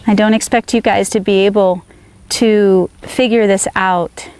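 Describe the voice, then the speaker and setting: A woman's voice: mid-range voice, steady tone, measured pace, a little mellow, smooth, dry recording. A woman horse trainer giving a riding demonstration outdoors, firmly coaxing her horse with short praise while explaining to viewers.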